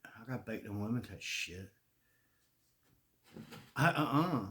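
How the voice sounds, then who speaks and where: Southern guy in his 40s rambling on, cussing a lot, pitch bouncing all over. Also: animated, slow pace, bright, forceful tone. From Charlotte, North Carolina. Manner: profane, rambling, frequent restarts and laughter. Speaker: podcast host. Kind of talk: casual rambling monologue.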